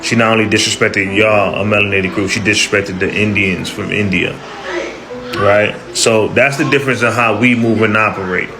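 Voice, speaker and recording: A man's voice: on the low side, fairly even intonation, normal speed. A man giving pointed, sarcastic social media commentary. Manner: sarcastic, pointed, calling people out. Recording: loud music behind voice.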